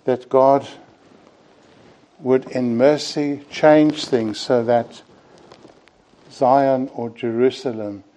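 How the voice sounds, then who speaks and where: A man preaching an evening sermon in an earnest, deliberate way, often closing his points with "you see". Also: mid-range voice, fairly even intonation, dark tone, low-quality recording.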